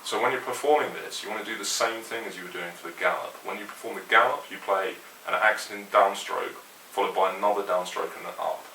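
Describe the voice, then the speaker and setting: A man giving a metal guitar lesson, explaining rhythms in a relaxed, opinionated way and counting along to the click. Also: on the low side, quick pace, few pauses. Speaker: guitar teacher. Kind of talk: instructional explanation. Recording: roomy echo, mic at a distance, faint hiss.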